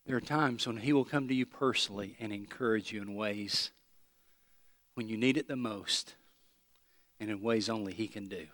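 A man preaching a sermon, swinging between loud emphatic lines and hushed low ones, repeating phrases as he talks straight to the congregation. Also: normal speed, long pauses. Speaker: pastor.

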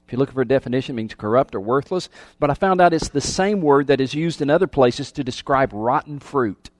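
Here a fast-talking pastor with a mid-range voice gives a conversational sermon, asking the audience questions and repeating words often. It's a dry, studio-quality recording.

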